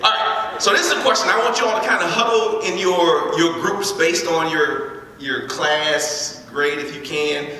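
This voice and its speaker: A man leading a lively interactive talk with students in a school hall, often repeating his words as he starts sentences. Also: a little high, normal speed. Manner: repeats words, energetic crowd prompts. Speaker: speaker leading a school workshop. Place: large echoey school hall. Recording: echoey hall recorded from far off.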